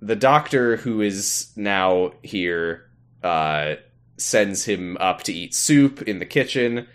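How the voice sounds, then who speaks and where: A man co-hosting a podcast, casually recapping an episode with wry asides and quick put-on character voices. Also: lowish voice, lively intonation, smooth. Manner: wry, acts out character quotes with sudden voice jumps. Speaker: podcast co-host.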